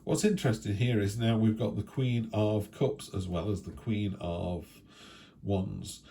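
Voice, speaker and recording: A man with a deep, mellow voice talks through a weekly tarot reading in a loose, chatty way. He wanders off into asides and keeps checking in with a quick question to the listener, recorded at home. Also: fairly even intonation, gravelly, slight background noise. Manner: chatty, rambling, with tag questions. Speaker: tarot reader.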